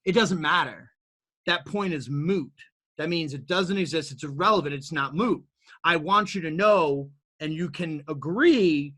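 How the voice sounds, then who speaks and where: A man being interviewed as an entrepreneur, telling his story in an animated, motivational way that builds to emphatic peaks, with frequent repeated words and restarts. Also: a little high, normal speed. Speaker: guest entrepreneur.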